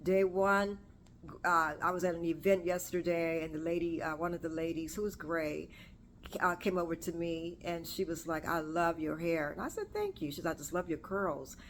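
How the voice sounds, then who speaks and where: A woman's voice: lowish voice, fairly even intonation, normal speed, slight background noise. A woman in her forties hosting a casual solo talk to camera, rambling and chatty, correcting herself as she goes. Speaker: podcast host. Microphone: camera or phone on self.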